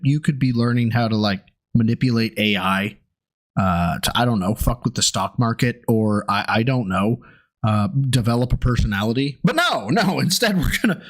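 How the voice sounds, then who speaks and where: A man giving sarcastic, profane reaction commentary, ranting in exasperation. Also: mid-range voice. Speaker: co-host mocking a recap video.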